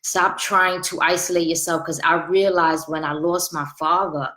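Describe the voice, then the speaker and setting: Woman, late 30s, life coach, earnest chatty delivery, slightly low voice, roomy sound. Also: steady tone, moderate pace, pushed and bright. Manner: earnest and conversational, repeats phrases for emphasis. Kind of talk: casual motivational talk.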